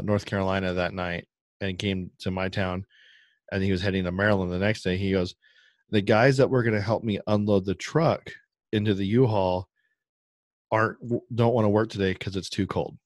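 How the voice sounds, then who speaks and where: Low-voiced man telling a story. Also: normal speed, no echo. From Midwest US. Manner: animated storyteller, acts out quoted voices. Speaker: podcast host. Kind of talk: casual storytelling chat.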